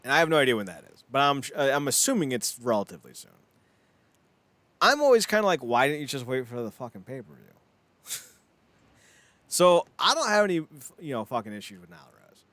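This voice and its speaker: A man co-hosting a podcast, talking in a loose, rambling way with lots of laughter. His pitch swoops up and down as he tells stories. The sound is dry and close, with no room echo. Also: very animated, brisk, pauses often, a bit bright. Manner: rambling, laughs often, acts out quotes in voices. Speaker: podcast co-host. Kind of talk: casual chat.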